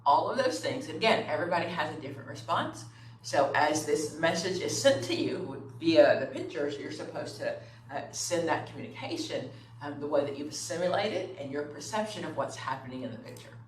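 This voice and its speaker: A woman's voice: low-pitched, animated, fairly quick. Woman lecturing in an echoey room. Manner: conversational, checks in with "okay?" and "right?". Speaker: instructor. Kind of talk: classroom lecture. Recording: echoey room, far from the mic, faint room noise.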